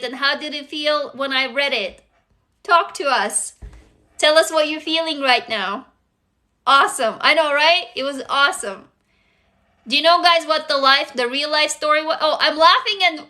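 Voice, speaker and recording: A woman hosting a casual livestream, reading viewers' stories aloud and gushing excitedly between them, swearing freely into a phone. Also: sits high.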